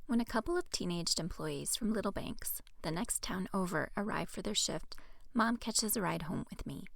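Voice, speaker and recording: A woman's voice: medium pitch, expressive, moderate pace, creaky, no room sound. A woman reading her own novel aloud as an audiobook, telling the first-person story with a wry tone. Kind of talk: audiobook narration.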